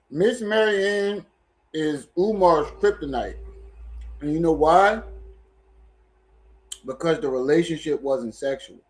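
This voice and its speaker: Chatty livestream host, a man. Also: on the high side. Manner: repeats himself in loose, chatty sentences. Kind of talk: casual commentary.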